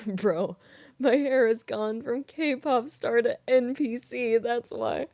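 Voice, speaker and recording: A woman's voice: fairly high pitch, takes it slowly, darkish tone. A young woman, a voice actress, chatting casually on a livestream as she answers viewer questions. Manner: chatty, giggly, heavy on "like". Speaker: voice actress, streamer.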